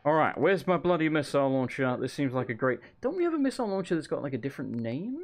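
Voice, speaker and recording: A man talks his way through a live game stream with a lively, bouncing pitch that swings up and down. He rambles, chats with viewers and trails into asides. He sounds hot and worn from a stuffy room at home. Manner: rambling, chatty, quick asides to chat. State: overheated. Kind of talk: live gameplay commentary.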